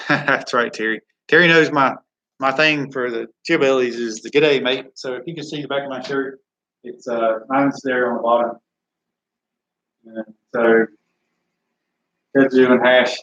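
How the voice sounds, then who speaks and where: A man's voice: medium pitch, pushed and bright, low-quality recording. A man hosting a live chat Q&A from a studio, rambling and reading viewer comments aloud. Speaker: live stream host.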